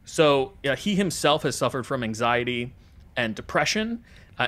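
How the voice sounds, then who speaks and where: Relaxed American man, podcast co-host. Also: mid-range voice. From United States. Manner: relaxed, rambling, frequent fillers. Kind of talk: casual podcast chat.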